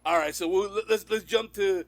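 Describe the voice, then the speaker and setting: A man's voice: sits high, a little fast, dry recording. A man hosting a casual interview, upbeat, laughing often and restarting his sentences. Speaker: podcast host.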